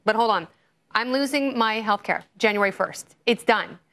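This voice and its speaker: A woman's voice: on the high side, moderate pace, a bit bright. A woman hosting a TV panel show, flippant and joking as she moderates. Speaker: talk show host.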